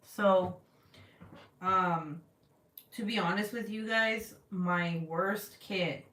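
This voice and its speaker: A woman in her thirties hosting a livestream, telling animated, profane family stories and reading out viewer comments in casual chat. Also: mid-range voice, extremely slow. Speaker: livestream host. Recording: roomy, distant from the mic.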